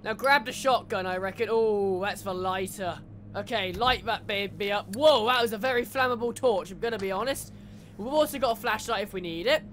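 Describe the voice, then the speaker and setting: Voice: mid-range voice, a little fast, fairly bright tone, slight background noise. A gamer giving casual, jokey commentary while playing, laughing and swearing often. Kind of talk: casual let's-play commentary.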